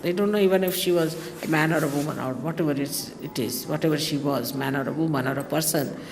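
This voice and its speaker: A woman from India with a deep voice talks fast, telling wandering anecdotes to her listeners and interrupting herself with exclamations and asides. A long reverb hangs on her voice, as though in a big hall, over a faint underlying noise.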